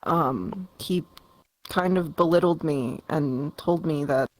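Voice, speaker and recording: A young woman, a guest in an interview, speaking in a matter-of-fact, halting way with fillers. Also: low voice, rough recording. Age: young adult. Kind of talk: casual interview chat.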